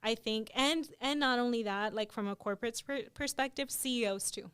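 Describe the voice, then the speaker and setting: A young adult woman co-hosting a podcast, talking in an animated, chatty way with lots of "like" fillers. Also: a little high, moderate pace, clear, resonant tone. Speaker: podcast co-host. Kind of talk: casual conversational chat.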